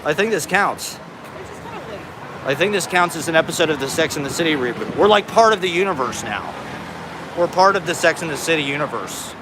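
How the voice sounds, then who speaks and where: A man's voice: fairly high pitch, lively intonation, a little fast. A stoned man live streaming from a city street on a phone, rambling and swearing, laughing often. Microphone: phone on a selfie stick. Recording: busy street traffic noise. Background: city traffic.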